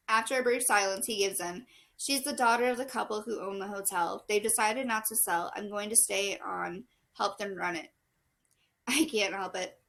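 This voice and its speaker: A woman's voice: mid-range voice, sharp tone, low-quality recording. A young woman reading a novel aloud, breaking off now and then to laugh and correct her slips. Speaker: book vlogger reading aloud.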